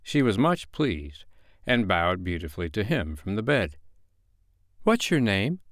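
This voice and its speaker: A man reads a classic novel aloud as a bedtime storyteller, with a lowish voice and lively, rising and falling intonation. The sound is close and dry, with no room around it. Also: no echo. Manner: expressive, measured reading. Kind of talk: audiobook narration of a classic novel.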